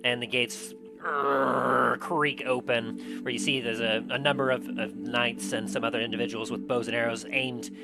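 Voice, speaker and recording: A man's voice: mid-range voice, fairly even intonation, moderate pace, vocal fry, few pauses, music in the background, poor audio. A man narrating a tabletop game as game master, rambling with lots of restarts and filler words.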